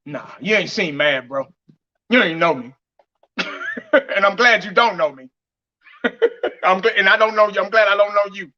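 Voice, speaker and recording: A man's voice: high-pitched, moderate pace, long pauses, sharp tone. A man giving blunt, heated fan commentary on his vlog, laughing mockingly as he rants. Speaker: fan vlogger. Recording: dull lo-fi audio.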